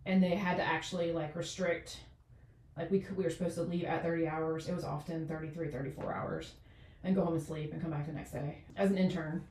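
A woman in her forties, a doctor, has a deep, slightly mellow voice with fairly even intonation and a slightly fast pace. As a casual interview guest she rambles with many fillers and restarts, heard off-mic in an echoey room.

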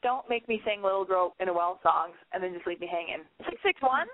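A woman's voice: on the low side, fast, no room sound. A woman hosting a call-in show, chatting in a rambling, blunt, casual way. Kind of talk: casual call-in advice and banter. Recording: tinny phone-like line, dry.

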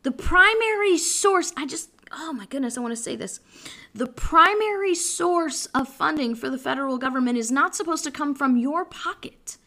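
A woman's voice: high-pitched, animated, normal speed, bright, forceful tone. A woman hosting a podcast and giving an impassioned political commentary monologue, preachy in tone and often restarting her sentences. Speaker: podcast host.

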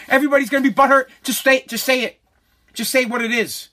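A man's voice: very high voice, steady tone, fast talker, pushed and bright. A man ranting angrily, profane and repeating himself as he hammers each point home. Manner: heated, profane, repetitive. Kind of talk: angry rant.

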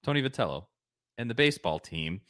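A man hosting a casual sports podcast, excitable, given to bursts of laughing and shouting. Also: mid-range voice, a little fast, dry recording, studio quality. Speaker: podcast host.

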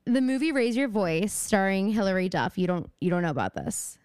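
Young female podcast co-host, rambling and giggly, crisp and dry. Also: medium pitch, very animated, a little fast, a little mellow, dry recording. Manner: chatty, rambling, lots of fillers and giggles. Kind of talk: casual chat.

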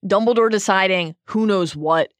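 A woman's voice: mid-range voice, moderate pace, clear, resonant tone, no room sound. A woman co-hosting a podcast book discussion, earnest and emphatic, reading passages aloud at a close studio mic. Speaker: podcast co-host.

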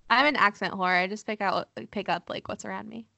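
A woman's voice: medium pitch, fairly even intonation, moderate pace, creaky, pushed and bright, no echo. Dry, teasing woman co-host. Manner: teasing, dry, steers the topics. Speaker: podcast co-host. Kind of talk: casual chat. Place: at home.

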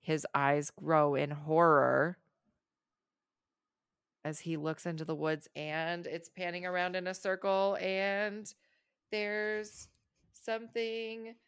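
Co-host, female: low gravelly voice, dry close sound, jumpy squeamish reactions. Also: slow pace, pauses often, dry recording. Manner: excitable and squeamish, gasps and exclaims. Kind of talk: casual chat reacting to a video.

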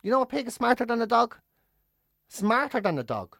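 A man's voice: very high-pitched, big pitch swings, brisk, vocal fry, fairly bright tone, dry recording, clean studio sound. A man co-hosting a casual chat, ranting animatedly with emphatic repeats and swearing. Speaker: podcast co-host.

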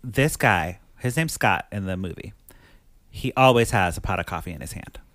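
A man hosting a casual chat, retelling a film's plot in an animated way and acting out its characters' lines. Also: deep voice, moderate pace, no echo. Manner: animated storyteller who acts out characters' lines. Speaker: podcast host recapping a film.

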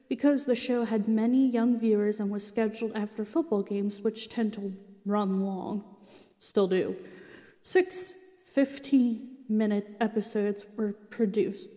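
A woman's voice: fairly high pitch, warm tone, big-room sound. A young woman casually reading about an old sitcom and reacting, chatty and exasperated, with many asides. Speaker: vlogger reading and reacting to a show's history.

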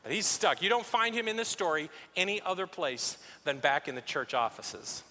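A male pastor preaching a sermon, telling the story in an animated way and acting out scenes. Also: sits high, normal speed. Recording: echoey hall.

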